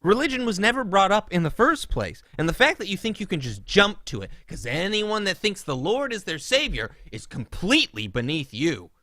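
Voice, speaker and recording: A young man tears into his subject on a podcast in a mocking, sarcastic rant. His voice is bright and his pitch leaps around. The sound is dry and close, with no room in it. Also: moderate pace, hardly any pauses, no echo. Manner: animated, mocking, swings into loud sarcastic outbursts. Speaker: podcast co-host. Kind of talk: casual comedic rant.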